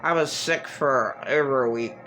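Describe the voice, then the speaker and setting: A woman's voice: rumbling low, moderate pace, a bit bright, soft background music, low-quality recording. A middle-aged woman giving an emotional monologue to camera, agitated and profane, repeating herself and restarting her sentences. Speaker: vlogger.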